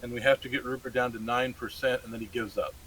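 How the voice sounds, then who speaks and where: A man's voice: medium pitch, steady tone, fast talker, fairly bright tone, slight background noise, rough recording. A man adding practical, firm reminders about game tactics over voice chat, on a headset. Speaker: raid member adding advice.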